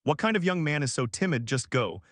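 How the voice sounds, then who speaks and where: A man's voice: on the high side, animated, a little fast, fairly bright tone, no room sound, studio quality. A man voicing a stern, irritable young male guildmate in a recap story, read plainly.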